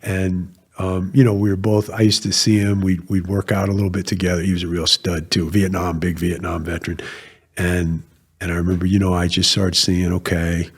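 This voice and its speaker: A man's voice: deep voice, little pitch movement, moderate pace, breathy edge. An older man from New England, a retired Marine colonel, telling rambling stories in a casual interview, with frequent restarts.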